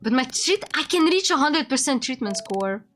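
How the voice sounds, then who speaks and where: A woman's voice: sits high, big pitch swings, normal speed, a bit bright, soft background music. A woman streamer playing a game, reading its text aloud and reacting as she goes. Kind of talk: casual game commentary.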